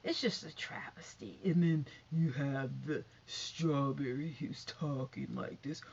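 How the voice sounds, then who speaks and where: A woman's voice: deep voice, normal speed, creaky. A woman vlogger giving sassy casual commentary, calling listeners honey and baby. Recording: dull lo-fi recording with faint noise.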